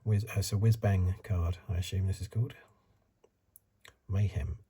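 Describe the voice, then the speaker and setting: A middle-aged man hosting a soft-spoken ASMR card review, rambling in asides and drifting into whispers, recorded close to the mic. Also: low voice, steady tone, moderate pace, husky. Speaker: ASMR channel host.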